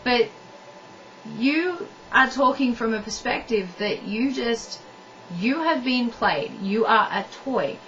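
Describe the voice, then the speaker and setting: A woman's voice: on the high side, lively intonation, slow, fairly bright tone. Blunt, emphatic young woman vlogging advice. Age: young adult. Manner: emphatic, blunt, repeats points for stress. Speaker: vlogger giving relationship advice. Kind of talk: direct-to-camera advice monologue. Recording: dull lo-fi audio from a distance with faint noise.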